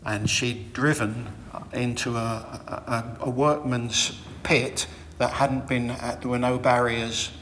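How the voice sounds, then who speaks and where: A middle-aged man giving a reflective, sermon-style talk, telling personal stories about faith in a measured way. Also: mid-range voice, fairly even intonation, fairly bright tone, in a large hall, slight background noise.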